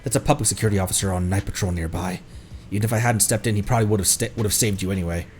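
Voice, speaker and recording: Brief: man plays a deep, unhurried game ally, cool and even. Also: slight background noise, lightly acted. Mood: composed.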